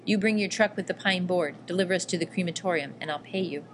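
A woman's voice: fairly low pitch, fast, slight background noise, natural voice. A woman reading the lines of a determined young woman who bargains firmly. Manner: firm, bargaining. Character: determined older sister, young woman, sharp.

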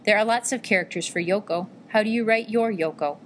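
A woman voicing a badly wounded young male soldier who speaks softly and gently in an audiobook. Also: mid-range voice, fairly quick, slight background noise, close to an everyday voice. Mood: tender. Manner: soft, murmuring.

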